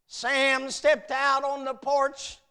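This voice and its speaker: Very high-voiced emphatic preacher man. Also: completely flat delivery, slow, sharp tone. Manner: emphatic storytelling that rises and falls. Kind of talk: sermon at a youth meeting.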